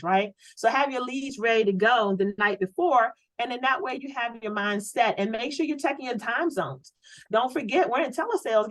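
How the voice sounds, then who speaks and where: A woman running a sales training on a video call, coaching with lively, preachy energy and lots of rhetorical questions. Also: a little high, no room sound, rough recording. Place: home office.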